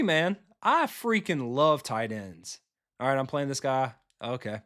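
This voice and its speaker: A man chatting with his viewers as he plays a football video game live. He talks in a loose, blunt way, swears freely and reacts fast to each play. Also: a little high, animated, a bit bright. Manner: casual, blunt and profane, quick reactions to the game.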